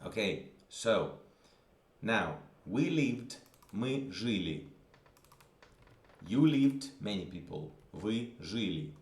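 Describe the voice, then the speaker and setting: Slow, patient male language teacher, roomy echo. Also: fairly low pitch, animated. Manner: patient, repeats examples with frequent "okay?" checks. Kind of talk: spoken grammar lesson.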